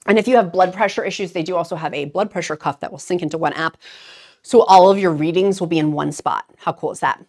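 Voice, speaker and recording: A woman's voice: lowish voice, fast, darkish tone. A woman talking casually and candidly to camera, rambling with many fillers and growing emotional. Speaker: vlogger.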